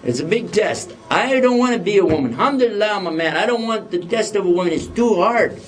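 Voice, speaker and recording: Joking male lecturer, higher voice. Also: expressive, fast. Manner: joking, asks the audience questions. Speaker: Islamic lecturer. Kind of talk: lecture to a live audience. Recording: voice a bit distant from the mic.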